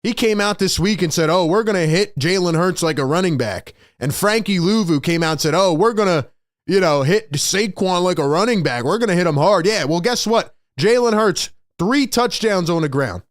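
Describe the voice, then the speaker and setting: A man hosting a postgame sports show, talking in an excited, emphatic way and repeating his key points, worked up with excitement. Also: high-pitched, normal speed, dry recording, clean studio sound. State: overexcited.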